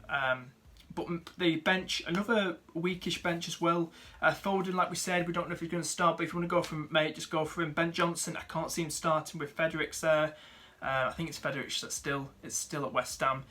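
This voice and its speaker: A young man talks through viewers' fantasy teams in a relaxed, chatty way. His voice is bright and fairly high for a man. He keeps things casual with plenty of fillers and calls his viewers mate and dude. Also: a little fast. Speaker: fantasy football YouTuber.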